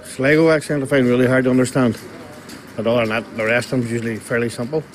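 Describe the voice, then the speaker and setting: Quick Northern Irish man outdoors. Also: mid-range voice, steady tone, low-quality recording. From Tyrone or Derry. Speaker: passer-by. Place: street outdoors. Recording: faint outdoor noise.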